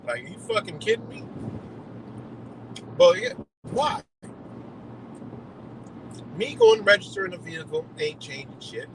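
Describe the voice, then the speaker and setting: A man's voice: sits high, noisy background. A man on a live stream delivering a heated, profane rant full of rhetorical questions. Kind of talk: ranting monologue.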